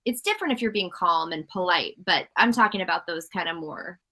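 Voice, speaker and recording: A woman's voice: fairly low pitch, animated, a little fast, pushed and bright. A woman co-hosting a casual live stream over her computer's built-in mic, speaking thoughtfully. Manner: thoughtful, mimics others in quotes. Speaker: co-host. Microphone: computer's built-in microphone.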